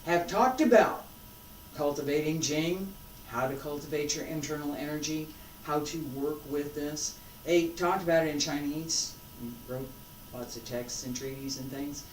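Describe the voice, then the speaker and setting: A qigong instructor leading a guided exercise class in an unhurried, measured way. They give brief breathing and movement cues, then ramble a little, restarting sentences. The voice is caught from some distance in an echoey indoor room with a faint hum behind. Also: mid-range voice. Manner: gives short calm cues, then explains loosely with restarts.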